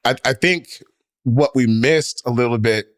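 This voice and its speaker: Speaking a little slowly in a mid-range voice, a man co-hosting a sports podcast rambles casually through his points. He leans heavily on fillers and restarts, and the clean studio sound has no echo.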